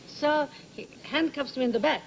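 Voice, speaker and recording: Older woman, Hungarian accent, gravelly, high-ish, theatrical storyteller, old TV studio audio with hiss. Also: moderate pace, low-quality recording. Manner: theatrical, laughing storyteller with broken English phrasing. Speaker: talk show guest. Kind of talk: animated anecdote telling. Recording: 1980s TV studio audio with background noise.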